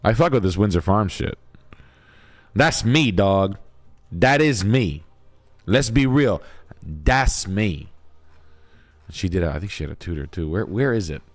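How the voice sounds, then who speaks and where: Low-voiced crude joking man. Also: animated, measured pace, long pauses. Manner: crude, joking, laughs a lot. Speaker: realtor and stream host. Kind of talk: casual livestream banter.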